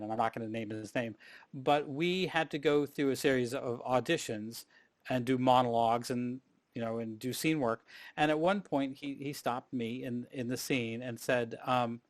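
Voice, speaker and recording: A man's voice: medium pitch, normal speed. A middle-aged man speaks on a live panel and recounts his career in an easygoing, chatty way. He often restarts his sentences, and his voice sits in a plain middle register. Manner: animated storyteller, frequent restarts. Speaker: panel guest, performer. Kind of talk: casual storytelling on a panel.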